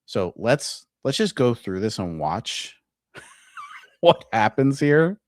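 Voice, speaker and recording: A man's voice: medium pitch, sing-song, takes it slowly, dry recording, studio quality. A man hosting a casual reaction commentary, talking in a profane, incredulous way. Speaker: commentary host.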